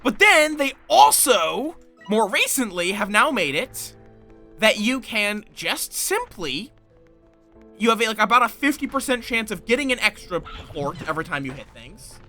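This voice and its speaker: Male streamer, unhurried and self-mocking, high bright tone; faint game music underneath. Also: very animated. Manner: rambling, playful, self-deprecating, chats with viewers. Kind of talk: casual livestream chat over gameplay.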